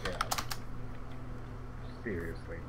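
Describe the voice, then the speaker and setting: A man co-casting a match in casual chat, halting and trailing off, stumbling over his words. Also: slight background noise. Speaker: esports co-caster. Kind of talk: casual chat between game commentary.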